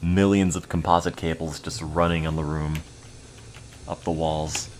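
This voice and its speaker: A man's voice: a bass voice, little pitch movement, a little slow, a little hiss or hum. A young American man with an East Coast accent, rambling in a dry, mock-serious way while streaming a game. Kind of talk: casual gaming stream chat.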